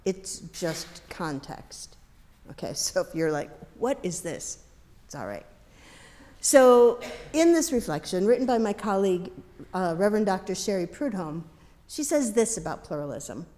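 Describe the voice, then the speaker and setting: A woman minister giving a sermon in a conversational way, with light asides and gentle humor. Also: mid-range voice, very animated, moderate pace. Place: congregation's worship hall. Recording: long reverb of a large hall.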